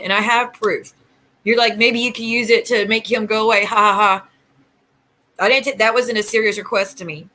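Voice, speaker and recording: A woman's voice: medium pitch, pushed and bright, poor audio. A woman hosting her own livestream, telling an aggrieved, rambling story about online drama and answering chat. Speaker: YouTube livestream host. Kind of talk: casual ranting livestream talk.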